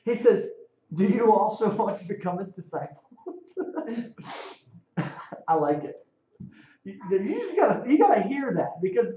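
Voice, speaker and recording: A man preaching a sermon, reading scripture aloud and explaining it in a relaxed, conversational way with dry humor. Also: high-pitched, normal speed, pauses often. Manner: conversational, reads scripture aloud and adds sarcastic paraphrase. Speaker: pastor. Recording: echoey room, dull lo-fi sound.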